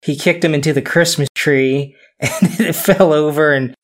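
A man's voice: a little high, normal speed. A man hosting a casual podcast, telling a history story loosely, with frequent fillers and chuckles.

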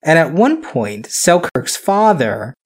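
A man's voice: on the high side, sing-song, slow pace, breathy edge. A man hosting a casual podcast, telling a history story loosely, with frequent fillers and chuckles.

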